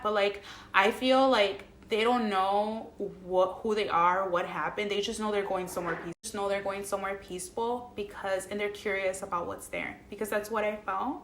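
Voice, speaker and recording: A young woman tells a personal story straight to camera in an unguarded, emotional way, swearing freely and leaning on lots of fillers. Her voice sits at an ordinary middle pitch. The sound carries a noticeable room echo. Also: fairly bright tone. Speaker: vlogger. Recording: echoey room.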